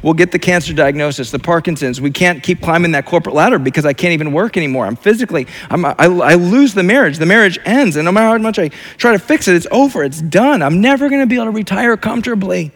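A man's voice: high-pitched, animated, quick pace, few pauses. A man preaching a sermon as pastor, in a repetitive, emphatic way with many restarts.

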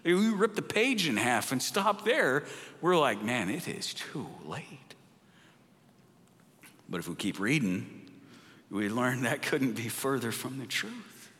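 A man preaching a sermon with passion, rising to loud urging and dropping to a hushed near-whisper. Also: medium pitch, big pitch swings, a little slow. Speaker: pastor. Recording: long hall reverb.

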